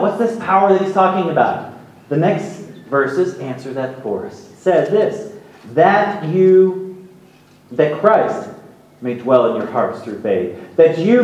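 A male pastor preaching a sermon in a conversational way, with offhand asides and humor. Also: fairly high pitch. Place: church sanctuary. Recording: very echoey hall, mic far off.

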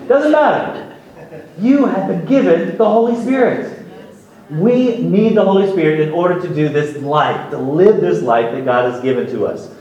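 A man's voice: fairly high pitch, a little hiss or hum. A male pastor preaching a sermon in a conversational way, with offhand asides and humor. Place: church sanctuary. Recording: very echoey hall, mic far off.

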